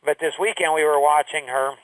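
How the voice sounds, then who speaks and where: Middle-aged man, earnest, halting, somewhat high voice, dry sound, distant from the mic. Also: steady tone, fairly bright tone, no echo. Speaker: speaker sharing a personal story. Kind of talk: emotional personal talk.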